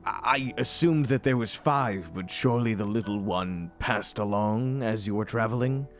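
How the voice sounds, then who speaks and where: A man's voice: lowish voice, normal speed, faint music behind, lightly acted. A man voicing a formal, wary tiefling servant in a tabletop game.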